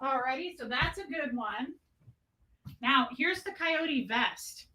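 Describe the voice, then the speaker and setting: A woman in her thirties chatting casually as a vlogger, self-mocking and prone to loud dramatic outbursts. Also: high voice, lively intonation, slow pace, noisy background. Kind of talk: casual chat.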